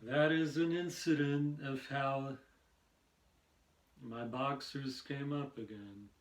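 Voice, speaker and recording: Slow, halting man telling rambling stories. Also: mid-range voice, steady tone, echoey room. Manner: halting, meandering, with many pauses and fillers. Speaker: amateur stand-up comedian and podcast host. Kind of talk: rambling stand-up storytelling.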